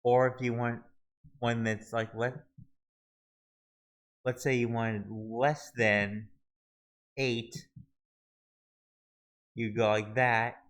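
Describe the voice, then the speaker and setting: A man walking viewers through a website search tool in a halting, casual screen-recorded tutorial, often restarting his sentences. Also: medium pitch, little pitch movement, fairly bright tone, low-quality recording. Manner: halting, many restarts and fillers. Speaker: video tutorial host.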